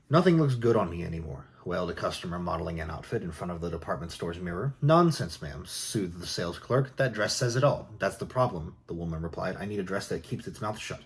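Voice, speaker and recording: A man reading jokes aloud in a soft, unhurried ASMR style. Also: low voice. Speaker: joke reader.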